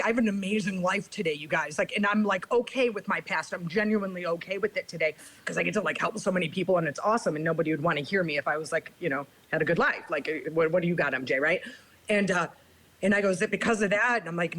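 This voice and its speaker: A woman's voice: mid-range voice, a bit bright, a little hiss or hum, low-quality recording. This is a woman speaking as a guest on a recovery podcast. She tells a personal story with candor and emotion. She keeps reaching out to her listeners with "right?" and "you guys".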